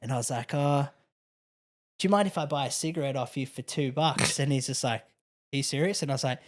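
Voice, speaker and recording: A young Australian comedian spins stories in casual podcast chat, playing out the voices of the people he quotes. His delivery is animated and sits at a middle pitch. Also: a little fast. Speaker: comedian guest.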